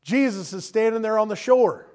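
A man's voice: high voice, normal speed, a little mellow. A man preaching a sermon in a casual, conversational way, often chuckling and acting out the people he quotes. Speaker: pastor.

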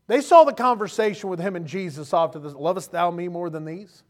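A preacher with a high, ringing voice delivers an impassioned sermon. He drops to quiet asides, then builds to loud calls, and plays out other people's voices as he goes. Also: brisk. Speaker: pastor.

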